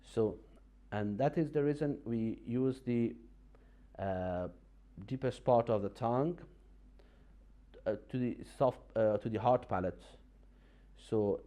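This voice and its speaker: A man teaching Quran recitation on a TV lesson, explaining pronunciation patiently in a halting way, with many fillers and restarts. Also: medium pitch, warm tone.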